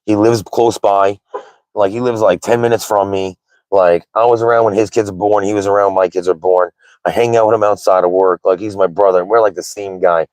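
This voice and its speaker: A man's voice: fairly low pitch, steady tone, a little fast, darkish tone, dry recording, low-quality recording. A man in his thirties hosting a casual livestream chat, candid and rambling, with lots of "like" and "right?". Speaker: livestream host.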